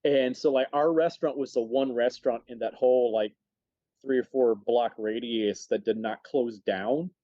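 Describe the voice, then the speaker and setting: A man chatting as a podcast guest, telling stories animatedly with lots of quick restarts. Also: medium pitch, steady tone, no echo. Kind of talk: casual chat, storytelling. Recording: dull dry sound.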